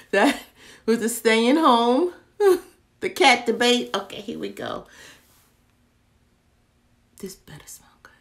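A young woman chatting her way through a candle haul, her voice swinging lively up and down. She talks slowly and playfully, often muttering to herself in a whisper. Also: a little high. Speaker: vlogger reviewing candles. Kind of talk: casual haul video chat.

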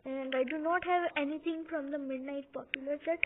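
A woman's voice: sits high, steady tone, brisk. A young woman chatting casually while playing a game at home on her couch, rambling and giggling with lots of hesitations. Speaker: gaming video host. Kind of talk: casual gameplay commentary. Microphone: phone or computer mic, sometimes covered by her hand. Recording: tinny phone-like audio with faint hiss.

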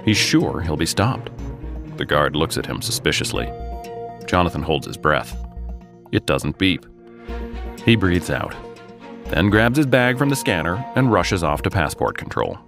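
A man's voice: sits low, very animated, measured pace, creaky, long pauses. An American man hosting a podcast, narrating a true story dramatically with jokey asides. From United States. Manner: dramatic storytelling, jokey banter between scenes. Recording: voice over a music bed.

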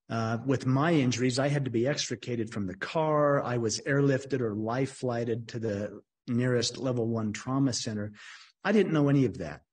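A middle-aged man speaks earnestly and haltingly, often restarting his sentences as he tells a personal story to a room. His voice is extremely clear and clean, sitting at an ordinary pitch for a man.

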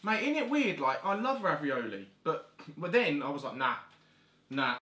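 A young man doing a taste challenge, squeamish and loud, swearing and saying "mate" a lot. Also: on the high side, sing-song, moderate pace. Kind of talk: casual blindfolded challenge banter. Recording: echoey room, faint noise.

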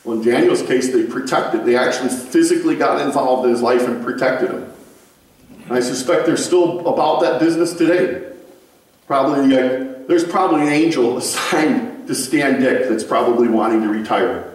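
Male pastor, conversational sermon, animated storyteller, booming church echo, distant mic. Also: normal speed. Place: church sanctuary. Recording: very echoey room, mic far off.

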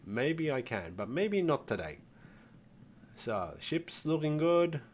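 An older gaming channel host with a slightly high voice takes his time, his pitch swinging widely, while a little hiss or hum runs underneath. He offers laid-back gameplay commentary, thinks aloud, swears freely, and calls viewers "folks."

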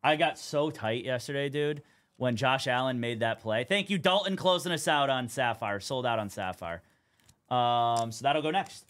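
A man's voice: medium pitch, normal speed, fairly bright tone. A young man hosting a live card break stream, chatting casually as he calls out cards and teams.

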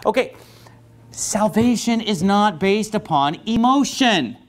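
A man preaching a sermon as pastor, animated, acting out quoted voices and often restarting. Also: high-pitched, normal speed. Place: church.

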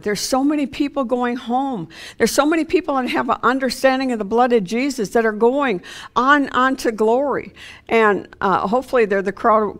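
A woman delivering an informal sermon in a loose, conversational way. She trips over her words, circles back and fills pauses with "um" and "uh" as she goes. Her voice sits at a middle pitch. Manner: conversational, with many fillers and restarts. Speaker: preacher.

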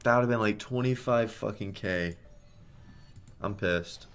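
A man streaming online slots, giving live commentary on each spin, swearing often and groaning or shouting at the results. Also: lowish voice, a little slow, soft background music.

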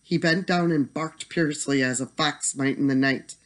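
A storyteller reading a bedtime story aloud in an expressive manner that slows for tension. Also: mid-range voice.

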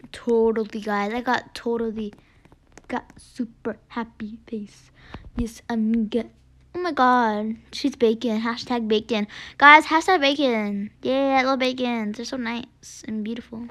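A woman giving chatty gameplay commentary, excitable, gasping often and dropping into whispered asides. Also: on the high side. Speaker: gaming video creator.

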